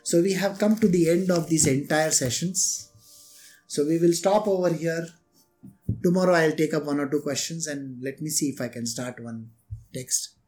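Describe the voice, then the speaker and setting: A man with a high-pitched voice delivers a devotional discourse as a spiritual teacher. He tells stories animatedly and often turns to his listeners with rhetorical questions. Soft music plays faintly behind him. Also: moderate pace.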